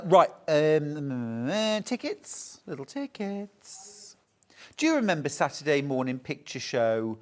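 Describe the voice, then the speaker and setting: A man presenting fabrics on a live sewing shopping show, chatty and enthusiastic, gushing over every print. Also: fairly high pitch. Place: television studio.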